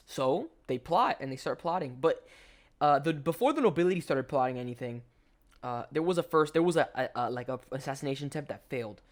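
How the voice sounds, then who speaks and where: Young guy, casual storytelling commentary, slangy and rambling, mid-pitched voice. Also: expressive, normal speed. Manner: rambling, slangy, full of "like" and restarts. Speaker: gaming commentator. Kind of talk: casual storytelling over gameplay.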